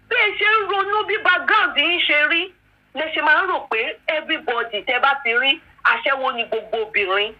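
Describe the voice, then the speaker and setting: Woman w/ a really high voice scolding her commenters on a live, tearful edge, dull lo-fi stream audio. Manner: mixes English and Yoruba, scolding and emphatic.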